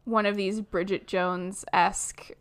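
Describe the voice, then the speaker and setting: A woman's voice: mid-range voice, little pitch movement, measured pace, clean tone. A young adult woman co-hosting a podcast in casual chat, laughing often and acting out movie lines. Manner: giggly, acts out movie quotes. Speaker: podcast co-host.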